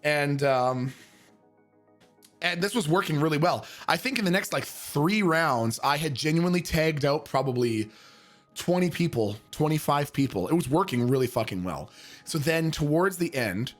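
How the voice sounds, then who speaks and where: A man telling a story with a pitch that leaps up and down. He swears freely and breaks into sudden shouts as he acts it out. Soft music plays faintly behind him. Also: moderate pace. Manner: animated, profane, bursts into shouts. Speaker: streamer. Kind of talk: casual storytelling.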